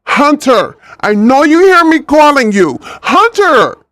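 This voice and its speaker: A man voicing an overworked, scolding mother with a Spanish accent, in a nagging, loud manner. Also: high voice, very animated, no echo, studio quality, soft background music, voice pushed up, exaggerated voice. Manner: nagging, loud, drawn-out calls. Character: scolding overworked mother, middle-aged woman.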